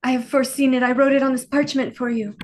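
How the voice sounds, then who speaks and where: Woman, improv performer, high voice, deadpan, short lines, video call. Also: fast talker, a little hiss or hum. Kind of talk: comic improv scene acting.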